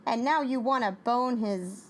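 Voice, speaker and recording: A woman's voice: fairly high pitch, unhurried. Rambling woman recapping a TV show. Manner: rambling, restarts a lot, laughs often. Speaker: co-host. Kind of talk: casual TV recap chat.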